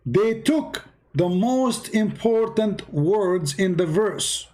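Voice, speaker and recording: A man's voice: sits high, expressive, takes it slowly, mellow. Combative, mocking man on a livestream. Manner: mocking, combative, repeats himself. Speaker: live stream host. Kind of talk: heated commentary.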